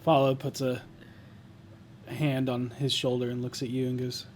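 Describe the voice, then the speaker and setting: A man narrating his character's actions at a tabletop game, animated and laughing between lines. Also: mid-range voice, moderate pace, slight background noise. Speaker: player voicing several characters. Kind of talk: tabletop role-play narration.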